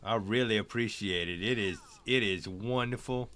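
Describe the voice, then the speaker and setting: A man's voice: lowish voice, normal speed, a bit bright. A tipsy man chatting and joking while streaming a game. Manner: rambling, joking, playful. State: tipsy from wine. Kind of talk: casual gaming chat.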